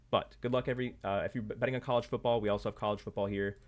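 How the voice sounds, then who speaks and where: A man's voice: lowish voice, steady tone, very fast. A man hosting a sports betting live stream in casual chat, loose and promotional with lots of fillers, his voice getting worn. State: losing his voice.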